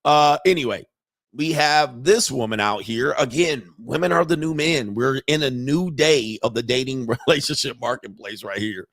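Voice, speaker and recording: A man's voice: medium pitch, moderate pace, fairly bright tone, no room sound, studio quality. A middle-aged man hosting a commentary show, reacting to interview clips in a blunt, slangy, profane way. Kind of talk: casual commentary.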